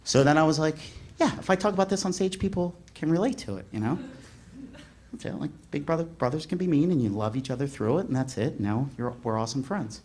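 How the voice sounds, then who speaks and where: A male stand-up comedian telling a story with animated delivery, acting out shouting characters. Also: a little high, fast, slight background noise.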